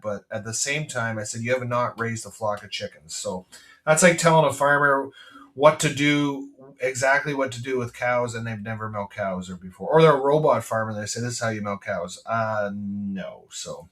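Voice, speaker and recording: Rambling Canadian farmer, a bit off-mic. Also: male voice, medium pitch, a bit bright, far from the mic. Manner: rambling, frequent restarts and fillers, blunt. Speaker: farmer podcast host. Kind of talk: casual rambling monologue. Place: farm.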